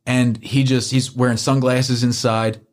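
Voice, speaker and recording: A man's voice: medium pitch, level tone, unhurried. A young man hosting a podcast, telling a rambling, profane story in casual chat, full of filler likes. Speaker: podcast host.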